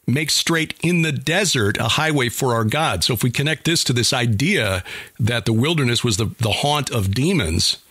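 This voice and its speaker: A man's voice: mid-range voice, animated, moderate pace, pushed and bright, husky, no room sound, clean studio sound. A man speaking hesitantly, with many fillers, as a panelist in a roundtable over a video call. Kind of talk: casual roundtable discussion.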